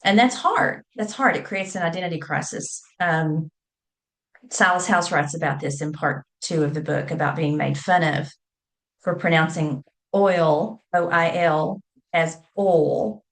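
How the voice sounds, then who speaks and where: A woman's voice: sits low, moderate pace, a bit bright. A woman, a scholar and teacher explaining at length, spelling words out letter by letter. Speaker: scholar and public speaking teacher. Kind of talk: academic talk.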